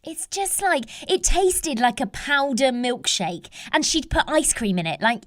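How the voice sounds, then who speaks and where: A woman's voice: high-pitched, big pitch swings, unhurried, a bit bright, no echo. A woman hosting a podcast, telling stories in an enthusiastic, gushing casual chat. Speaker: podcast host.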